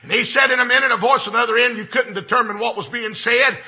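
A man preaching a storytelling sermon, folksy and drawn out, building up to shouted exclamations. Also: very high voice, fast, highs cut off.

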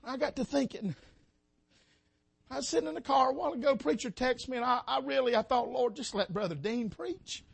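A man's voice: very high-pitched, fairly quick, gravelly, slightly rough. A man preaching a sermon in a church, impassioned and calling out to the congregation. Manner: impassioned, rising and falling, calls out to the congregation. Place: church sanctuary.

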